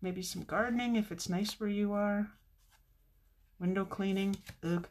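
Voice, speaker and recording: A woman's voice: medium pitch, fairly even intonation, unhurried, a little mellow. A middle-aged woman chatting with viewers while demonstrating card making on a live stream, with muttered asides to herself.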